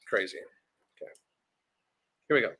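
A man's voice: takes it slowly, sharp tone. A man hosting reaction commentary, ranting bluntly and swearing often. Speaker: commentary host.

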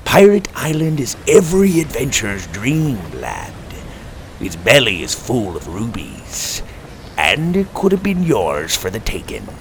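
A man's voice: mid-range voice, wildly swooping pitch, a little slow, a little hiss or hum. A man putting on a growling pirate captain. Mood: wistful scolding. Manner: growling pirate dialect, scolding. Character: gruff scowling male pirate captain, a living book. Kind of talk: storybook narration.

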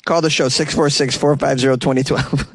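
A man's voice: fairly high pitch, fairly even intonation, fairly quick. A man hosting a podcast, riffing on odd news stories in a wisecracking way and chuckling often. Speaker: podcast host. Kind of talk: comedic news commentary.

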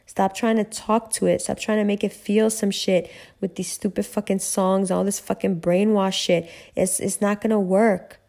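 A woman's voice: mid-range voice, steady tone, normal speed, gravelly, warm tone. A woman giving a motivational rant as a spiritual reader and coach, blunt and profane, repeating herself for emphasis.

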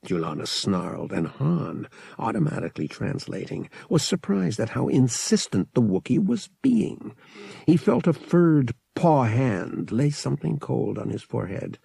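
Male audiobook reader, animated pitch, raspy texture, dead-dry recording. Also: a little slow, no room sound. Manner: expressive, dramatic storytelling. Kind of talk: audiobook narration.

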